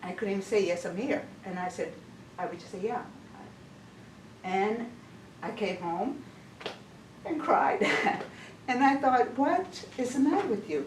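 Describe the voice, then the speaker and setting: A woman giving a casual testimony at a church women's session, chatty and full of restarts. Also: medium pitch. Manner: chatty, stumbling restarts, laughs often. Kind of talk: informal testimony talk. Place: church hall. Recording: echoey room, mic far off, noisy.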